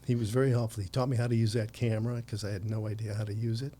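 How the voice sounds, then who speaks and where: Rapid-fire and level in tone, this man's voice is on the low side and dark. He's a US podcast guest in his sixties telling long anecdotes, laughing often and restarting repeatedly.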